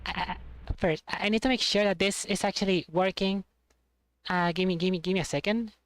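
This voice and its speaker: Female streamer, casual and rambling, halting delivery, mid-range voice. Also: mid-range voice, fairly even intonation, no room sound. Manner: rambling and halting, many restarts. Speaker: livestreamer.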